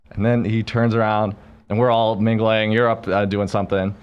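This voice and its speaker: A man telling a party story in a casual chat, lively and laughing often. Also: on the low side, normal speed, smooth. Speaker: guest, NFT holder.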